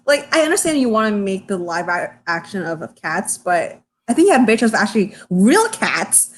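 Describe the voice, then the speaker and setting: A woman's voice: medium pitch, big pitch swings, normal speed, few pauses, slight background noise. Chatty woman full of "like"s. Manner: chatty, laughing, heavy use of "like". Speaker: podcast co-host. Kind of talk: casual chat.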